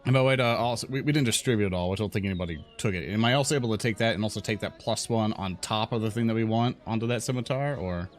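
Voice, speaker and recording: A man playing a tabletop game, asking rules questions in a hesitant, halting way. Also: on the low side, soft background music. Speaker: player.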